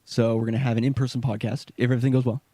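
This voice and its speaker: A man's voice: mid-range voice, level tone, very fast, warm tone, no echo. Laid-back podcast guy, dry sound. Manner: laid-back, wraps up the show. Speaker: podcast co-host. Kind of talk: casual chat.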